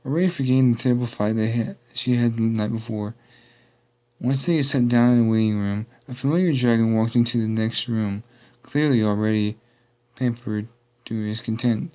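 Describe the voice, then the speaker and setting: A man's voice: mid-range voice, normal speed, a little mellow. A man reading a fan story aloud in a casual, unpolished way.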